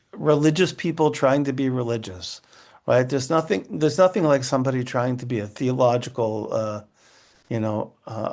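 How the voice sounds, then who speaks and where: Gravelly-voiced man teaching a class. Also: mid-range voice, a little mellow. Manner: conversational, explaining with examples and asides. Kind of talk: online class lecture.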